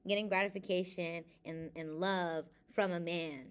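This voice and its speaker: A woman's voice: on the low side, steady tone, moderate pace, clean tone. A young adult woman, reading from a self-help book and then venting candidly to camera in a casual confessional vlog. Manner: emotional, candid, shifts between reading aloud and venting.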